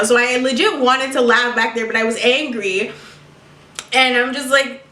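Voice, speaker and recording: A young woman vlogger tells a storytime at home in a bright, forceful, high-pitched voice at normal speed. She's sassy, swears, and laughs, with the mic set back in an echoey room.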